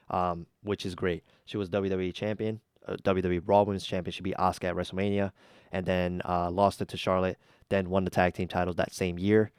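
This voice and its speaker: A man's voice: low-pitched, a little mellow, clear, resonant tone, dry recording, studio quality. A man hosting a casual reaction video, giving blunt, chatty opinions with plenty of ums and uhs. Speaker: YouTube reaction host.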